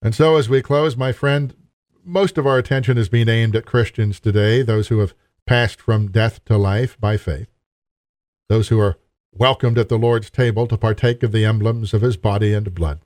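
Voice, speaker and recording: A man's voice: lowish voice, fairly even intonation, moderate pace, a little mellow, no echo. A man preaching a sermon in an earnest, emphatic way, appealing directly to his listeners.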